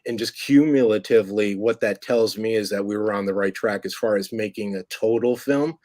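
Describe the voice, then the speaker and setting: A man from Staten Island with a faint New York accent, a filmmaker guest chatting in a relaxed way on an interview show. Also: lowish voice, a little fast, no echo. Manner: relaxed and chatty, with many fillers. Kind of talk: casual interview chat.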